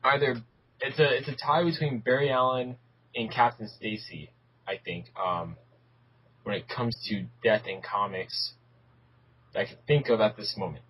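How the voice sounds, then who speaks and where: A man's voice: medium pitch, moderate pace. Laid-back male host, mid voice, muffled call line with a faint hiss. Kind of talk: casual chat.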